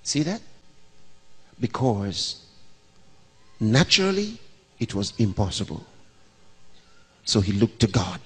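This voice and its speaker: Husky older pastor preaching slowly. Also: male voice, fairly low pitch, sing-song, a bit bright. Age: 60s. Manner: preaching with rhetorical questions and answers. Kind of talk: sermon. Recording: long reverb of a large hall.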